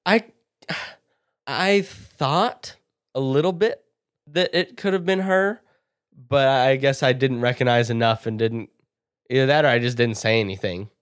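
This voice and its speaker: A man's voice: mid-range voice, a little slow, dry recording, studio quality. Laid-back young man in his twenties. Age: 20s. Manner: laid-back, brief replies. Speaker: podcast co-host, son. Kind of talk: casual chat.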